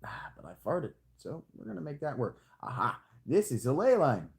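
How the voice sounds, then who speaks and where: A man streaming a strategy game, talking to himself in rambling, jokey commentary with sudden squeaky jumps and a hammed-up hick drawl. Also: very animated, normal speed, creaky. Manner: playfully hamming a hick drawl. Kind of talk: casual live-stream commentary.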